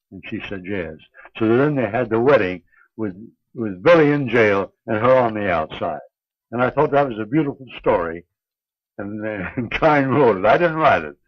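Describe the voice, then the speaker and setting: An older man being interviewed, telling a long anecdote in a halting, unhurried way with many pauses and restarts. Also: on the low side, dry recording. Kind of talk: reminiscing anecdote. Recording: dull lo-fi 1950s archive recording.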